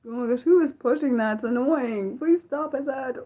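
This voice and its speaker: A woman's voice: sits high, moderate pace, mellow. A young woman hosting an unscripted livestream, chatting in a rambling way with lots of filler words. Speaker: livestream host.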